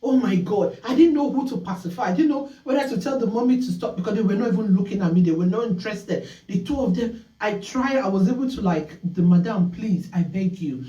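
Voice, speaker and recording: Animated woman talk show host. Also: mid-range voice, quick pace, few pauses, reverberant, far from the mic, highs cut off. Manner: animated storytelling, acts out scolding voices. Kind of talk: live call-in talk show monologue.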